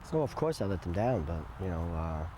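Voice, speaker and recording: An older man recounting his past in a documentary interview, swinging between loud, emotional bursts and hushed asides. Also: low voice, sing-song, a little fast, background noise.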